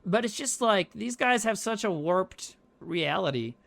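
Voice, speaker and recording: A man's voice: sits high, expressive, unhurried, vocal fry, fairly bright tone. A man co-hosting a podcast, recapping a horror movie in casual, swearing, rambling chat. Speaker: podcast co-host.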